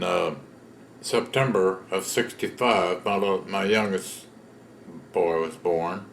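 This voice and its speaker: A man's voice: low-pitched, creaky, roomy sound, a little hiss or hum. A man, telling his own story in a plain-spoken, folksy way in an oral history interview. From Texas. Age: 70s. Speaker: veteran interviewee.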